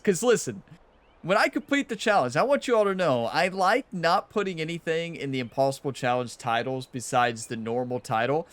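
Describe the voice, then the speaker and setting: A young man hosting his own golf video game channel, chatting casually over gameplay, laughing often and swinging between frustration and excitement. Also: a little high, clear, resonant tone. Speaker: gaming channel host.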